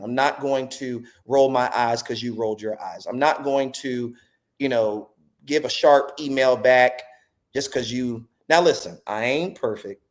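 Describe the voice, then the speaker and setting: A man in a podcast conversation, talking in a reflective, animated way, with preacher-like repetition and acted quotes. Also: medium pitch. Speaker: podcast guest speaker.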